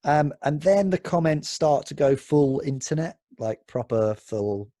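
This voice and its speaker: A man's voice: fairly high pitch, expressive, unhurried, warm tone, dry recording, studio quality. A man co-hosting a casual podcast, reading comments aloud with swearing and a lot of ums. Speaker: podcast co-host. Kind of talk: casual chat.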